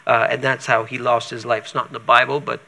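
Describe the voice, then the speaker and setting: A man's voice: medium pitch, flat delivery, fast, creaky, bright, forceful tone. A man teaching from the Bible, reading passages aloud and breaking in with casual asides. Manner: reads scripture aloud then adds casual asides.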